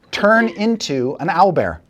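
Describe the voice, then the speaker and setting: Animated male dungeon master. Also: high voice, vocal fry, very noisy. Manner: animated, descriptive. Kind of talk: narrating a tabletop game.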